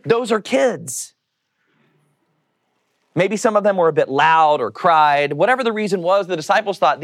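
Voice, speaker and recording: A man's voice: high-pitched, normal speed, pauses often. A man preaching a casual sermon, joking with his listeners, asking them questions and acting out the voices in the story. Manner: animated, joking, asks the audience questions; acts out quoted voices.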